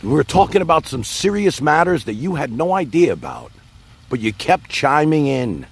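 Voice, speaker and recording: A man with a gravelly, husky low voice hosts a casual livestream. He rambles and talks straight to his viewers, his pitch rising and falling a lot as he goes. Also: very animated, moderate pace. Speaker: livestream host.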